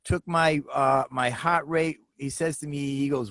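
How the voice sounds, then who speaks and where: Guy rambling thru a story on a video call, kinda high voice, dry sound. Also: fairly even intonation, moderate pace, a bit bright, no room sound. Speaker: guest. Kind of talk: casual chat.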